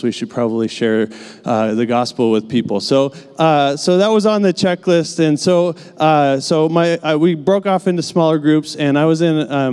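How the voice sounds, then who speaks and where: Man, sermon storytelling, casual and filler-heavy, mellow dark voice, long hall reverb. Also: on the high side, clean tone.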